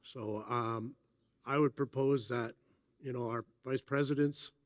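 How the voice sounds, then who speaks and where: A man makes an earnest, emphatic point to an assembly. His voice is mid-pitched and dry, with no room sound around it. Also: fairly even intonation, measured pace, no echo. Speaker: assembly delegate. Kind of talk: speaking from the floor.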